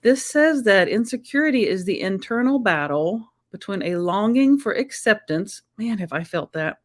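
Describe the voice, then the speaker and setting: A woman's voice: medium pitch, expressive, moderate pace. Effusive woman hosting a live chat. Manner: effusive and emotional, near tears. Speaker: host. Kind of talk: casual live-stream chat.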